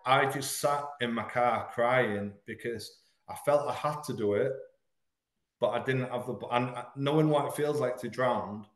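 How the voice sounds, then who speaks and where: A man speaks in a middle-pitched voice and tells a hard personal story with blunt honesty. He pauses and stumbles over the heaviest parts, but he keeps going. The room gives his voice a roomy echo. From Hull, England. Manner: frank, earnest, halting at painful moments. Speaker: podcast guest. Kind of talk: candid personal storytelling in an interview.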